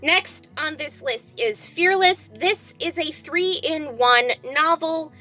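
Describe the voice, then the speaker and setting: Woman book vlogger, high and crisp, blunt, opinionated. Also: takes it slowly, sharp tone, faint music behind. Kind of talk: casual book review vlog.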